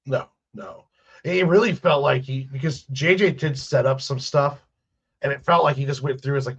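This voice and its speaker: A man of mid pitch rambles through a casual podcast chat, stumbling and restarting his sentences, sounding fed up. His audio is dull and muffled, lacking crisp highs. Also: moderate pace.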